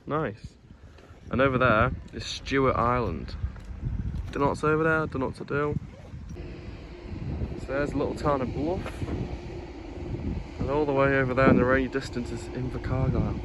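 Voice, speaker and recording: A man's voice: medium pitch, moderate pace, pauses often. Man, casual travel vlog, outdoors on a trail, camera mic, teasing and chatty, faint background noise. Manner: chatty, teasing, laughs often. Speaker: travel vlogger. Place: outdoors on a coastal walking trail.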